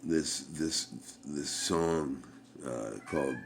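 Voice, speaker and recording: A man's voice: extremely low pitch, drawn-out words, gravelly, a little hiss or hum. A middle-aged man, rambling through a casual home vlog with many fillers and restarts. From Canada. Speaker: vlogger.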